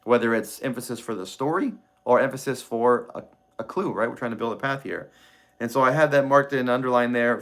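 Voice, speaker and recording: A man's voice: mid-range voice, a little fast, fairly bright tone. A man hosting a live stream, thinking aloud over clues in a treasure-hunt book, reading short passages and replying to chat with many restarts.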